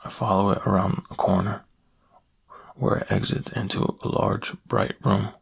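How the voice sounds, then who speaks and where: A man giving a slow, hushed first-person reading of a creepy story in soft-spoken ASMR narration, close to the mic. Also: lowish voice, steady tone, vocal fry, breathy edge.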